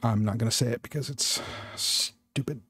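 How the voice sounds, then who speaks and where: A man running a tabletop horror game as game master, talking in a slow, measured way with fillers. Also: medium pitch, fairly bright tone, husky, dry recording. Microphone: mic on a voice call.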